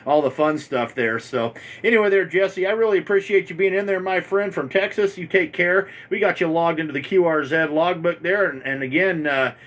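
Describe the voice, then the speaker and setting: A man's voice: on the high side, a little fast, hardly any pauses, fairly bright tone. A man working an amateur radio station from home, chatting casually and rambling on, worn out after hours on air.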